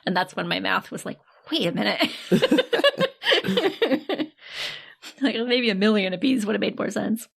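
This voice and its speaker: A woman hosting a podcast, telling a film's plot in a casual, animated way, often laughing and acting out lines. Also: mid-range voice, slow, gravelly, long pauses, slightly rough. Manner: animated storytelling, giggly, acts out quotes. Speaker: podcast host recapping a film. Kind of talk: casual chat.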